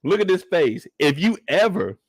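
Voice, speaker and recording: A man hosting a live after-show stream, reacting to a TV episode in animated, joking, casual commentary aimed straight at his viewers. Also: high voice, moderate pace, slightly rough, no room sound, studio quality. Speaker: host reviewing a TV episode.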